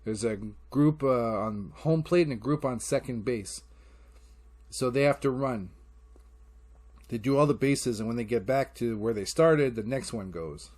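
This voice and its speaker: A man's voice: medium pitch, measured pace, darkish tone. A man hosting a casual solo podcast, telling rambling parenting stories, acting out quotes and swearing freely. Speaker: podcast host.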